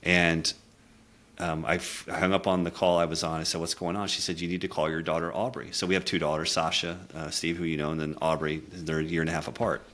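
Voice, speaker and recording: A middle-aged communication coach tells a candid personal story, his low voice level in tone and his speech fast. He is earnest and reflective, going quiet during emotional moments.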